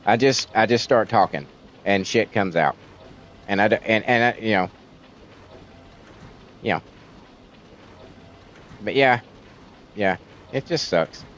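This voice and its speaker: A man's voice: lowish voice, slow, pauses often, a bit bright, a little hiss or hum, rough recording. A man from Tennessee with a thick Southern accent, venting in casual, rambling livestream chat and swearing freely. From Tennessee, USA.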